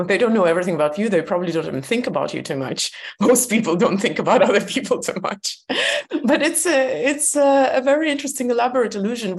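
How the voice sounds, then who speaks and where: A woman being interviewed as a guest author on a podcast. Her voice sits at an ordinary middle pitch, and she talks candidly with frequent light laughter between ideas.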